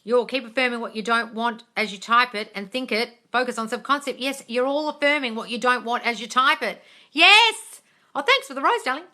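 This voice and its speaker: Bright, blunt woman hosting a live stream. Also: fairly high pitch, a little fast, few pauses. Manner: blunt and swears often, calls viewers darling; swings between soft coaxing and excited squeals. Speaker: live-stream host answering viewer questions. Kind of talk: casual live chat.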